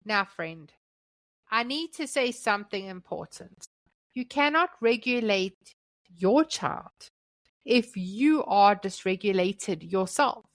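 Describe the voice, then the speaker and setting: A woman hosting a Christian parenting show, giving a scripted devotional talk in slow, gentle, deliberate phrases. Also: mid-range voice, expressive, no echo. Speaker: Christian parenting podcast host.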